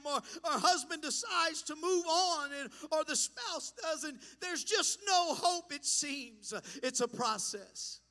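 A man preaching a sermon in a church, impassioned and building to shouts over a slow, deliberate delivery. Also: very high-pitched, long reverb tail. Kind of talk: pentecostal-style sermon. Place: church sanctuary.

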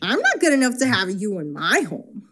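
A woman voicing a pushy, streetwise male Roman army officer with a deliberately bad tough-guy accent. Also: mid-range voice, wildly swooping pitch, noisy background. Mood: boastful. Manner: brash, streetwise swagger.

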